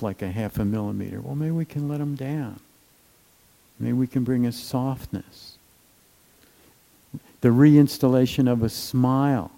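A man giving a gentle, unhurried meditation talk, with many fillers and trailing phrases. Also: medium pitch, creaky, low-quality recording. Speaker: meditation teacher.

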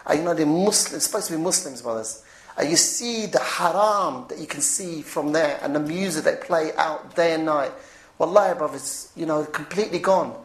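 A woman giving an informal religious talk, animated, chuckling now and then and repeating her points. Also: sits low, moderate pace. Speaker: preacher. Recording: roomy echo.

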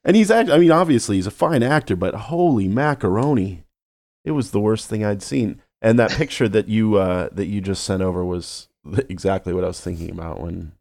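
A man chatting casually about a film, breaking into animated exclamations. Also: on the low side, fairly quick, creaky, no room sound. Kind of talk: casual film-discussion chat.

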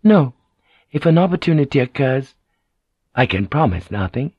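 A man's voice: mid-range voice, very animated, normal speed, slightly rough, no echo, dull audio, pitched above the performer's own voice. A male audiobook narrator voicing a poised young noblewoman who speaks politely and carefully.

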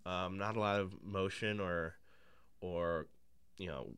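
A man's voice: deep voice, fairly even intonation, slow pace, a bit bright, smooth, no room sound. A man chatting casually about a film, hesitant, with frequent ums and restarts, laughing easily.

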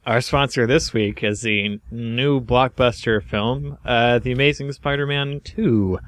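A man co-hosting a comedy podcast in casual chat, dropping dry deadpan quips. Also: medium pitch, measured pace. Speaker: podcast co-host and editor.

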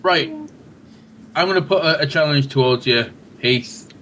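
A man's voice: on the high side, measured pace, a bit bright, slight background noise, rough recording. A man hosting a casual podcast, reading listener feedback with dry jokes. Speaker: podcast host.

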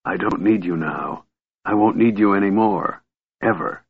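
A man doing a cold, hushed bitter wizard. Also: lowish voice, a little slow, creaky, breathy edge, exaggerated voice. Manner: chilly, harsh, hushed. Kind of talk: audiobook character reading. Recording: tinny phone-like audio.

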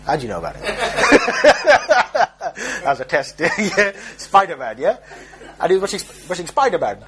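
A man's voice: sits high, very animated, unhurried, a crowd in the background. A young man giving an informal religious talk, telling jokey street stories and mimicking the people in them. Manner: joking, streetwise storytelling with mock voices. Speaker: preacher.

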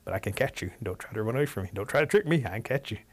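A man's voice: fairly low pitch, lively intonation, rapid-fire. A man telling a folk tale and voicing a hungry, blunt male wildcat. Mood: gruff.

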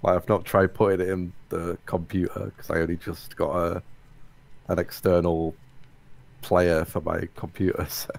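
A man's voice: low-pitched, level tone, moderate pace, vocal fry, darkish tone. A man co-hosting a casual podcast chat, easygoing and steering the talk along. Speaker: podcast co-host.

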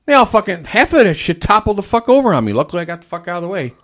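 Man, casual profane rant, somewhat high voice, very lively intonation. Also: rapid-fire. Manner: crude, swears constantly, animated ranting. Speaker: fast-food restaurant manager. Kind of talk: casual profane venting chat.

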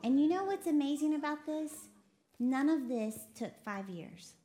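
A woman from Texas preaching a lively sermon, laughing often and quoting voices as she talks. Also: high-pitched, moderate pace. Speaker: preacher co-hosting a broadcast. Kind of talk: sermon to a women's audience.

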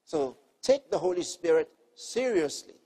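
A man preaches a sermon, teaching earnestly and repeating key phrases as he shifts between soft, quiet lines and emphatic ones. His voice is a little high, husky and sing-song, and his pace a little slow.

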